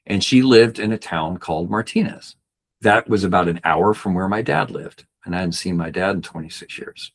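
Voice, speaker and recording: A man's voice: low voice, normal speed. A man working as a backpacking guide and coach, telling a personal story on a podcast in a rambling way, with many restarts and fillers.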